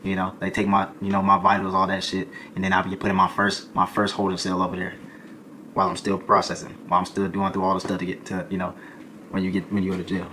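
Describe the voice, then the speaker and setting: A young adult man, a streamer, telling a comedic storytime in an animated, slangy way, peppering his lines with "boy" and "folk". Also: sits low, quick pace, a little hiss or hum.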